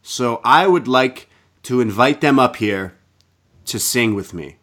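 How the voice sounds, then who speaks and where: Man doing a slow, solemn old country singer. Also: mid-range voice, lively intonation, fairly bright tone. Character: older male country singer announcing from a stage.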